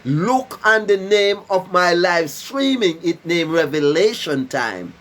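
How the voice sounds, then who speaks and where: A man's voice: high voice, lively intonation, slow pace, a bit bright. A man preaching to a live stream as a self-styled prophet, giving emphatic warnings with rhyming, repeated phrases and frequent "right?" checks. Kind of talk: preaching monologue.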